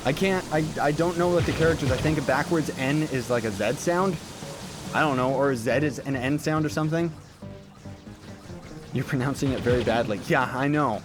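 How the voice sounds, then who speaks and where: A man's voice: mid-range voice, moderate pace. A young man streaming a game, casually chatting and answering viewers' questions in a playful, joking way. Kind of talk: casual livestream chat. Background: game background music.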